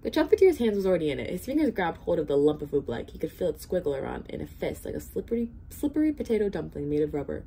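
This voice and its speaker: A woman volunteer reading a children's storybook aloud in an expressive, steady way. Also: on the low side, fast, vocal fry, few pauses, slight background noise. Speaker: hospital volunteer reader.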